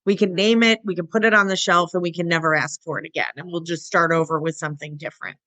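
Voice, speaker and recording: A woman co-hosting a podcast about dog training, chatting casually and acting out dogs and owners in quick asides. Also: on the low side, fairly even intonation, a bit bright, dry recording.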